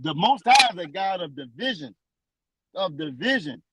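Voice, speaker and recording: A man teaching from scripture in a preaching style, emphatic and repetitive, slowing down to read verses aloud. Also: high-pitched, very animated, background noise. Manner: emphatic and repetitive, restates lines for stress; slows down when reading verses aloud.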